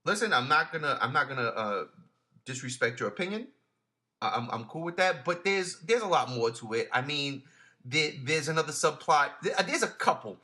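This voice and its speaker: A man's voice: fairly high pitch, lively intonation, moderate pace, bright, forceful tone. A man hosting a casual film discussion, often stammering and repeating words while he searches for what to say. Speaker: podcast host.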